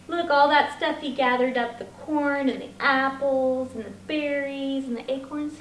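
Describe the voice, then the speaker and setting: A woman's voice: high-pitched, fairly bright tone, slight background noise. A woman at a children's library story time, reading a picture book aloud in a sing-song voice and asking the children questions. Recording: echoey library room.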